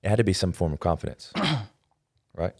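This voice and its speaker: A man hosting a podcast interview, talking in a relaxed, measured way. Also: low-pitched, dry recording, studio quality. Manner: relaxed, measured, many fillers. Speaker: podcast host. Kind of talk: casual interview chat.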